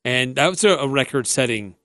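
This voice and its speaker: Measured sports radio man, dry mic. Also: medium pitch, animated, bright, forceful tone, no room sound. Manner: measured, thinks aloud with restarts. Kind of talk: casual sports talk.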